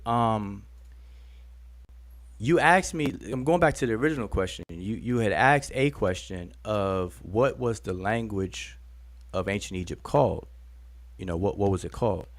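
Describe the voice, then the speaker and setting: A man's voice: fairly low pitch, measured pace, no room sound. An American man hosting a live discussion, insistently pressing his point and cutting in with repeated "wait, wait". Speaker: host. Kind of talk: heated live debate.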